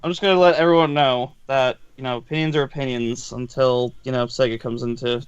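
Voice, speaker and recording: A man's voice: medium pitch, steady tone, fairly quick, clear, resonant tone, dry recording, lo-fi sound. A man in casual chat on an art stream, rambling frankly and swearing freely.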